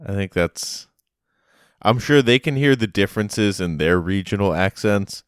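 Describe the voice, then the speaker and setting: A man co-hosting a podcast, chatting casually and making absurd deadpan jokes. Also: lowish voice, a little slow, smooth, no echo, clean studio sound. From United States. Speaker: podcast co-host. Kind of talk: casual chat.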